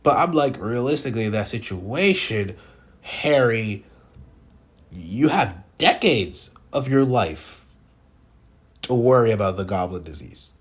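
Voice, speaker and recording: A man's voice: fairly low pitch, big pitch swings, unhurried, husky. A man casually reviewing films, talking in a rambling, opinionated way and often restarting his sentences. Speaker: film reviewer. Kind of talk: casual spoken film commentary.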